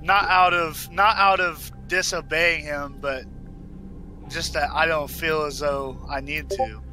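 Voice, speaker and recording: A man playing a tabletop game, describing his character's actions slowly and hesitantly, thinking aloud. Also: fairly high pitch, steady tone, sharp tone, a little hiss or hum. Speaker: player.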